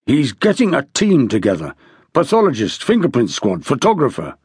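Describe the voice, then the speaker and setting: A man voicing a brisk, curt male detective inspector who speaks in clipped, impatient sentences. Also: medium pitch, wildly swooping pitch, a little mellow, slightly rough, no echo, studio quality, heavily acted.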